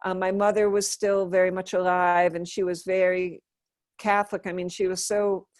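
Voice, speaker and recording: Woman in her fifties, lively storyteller, dry close sound, acts out voices. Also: fairly low pitch, moderate pace, no room sound. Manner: animated storyteller, acts out quoted dialogue. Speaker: interview guest, Buddhist nun. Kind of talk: storytelling in a relaxed interview.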